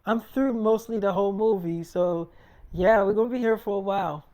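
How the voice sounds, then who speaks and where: A man voicing a famous young woman singer who is shy and embarrassed, talking quietly and hesitantly in an improvised freestyle role-play. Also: high-pitched, moderate pace.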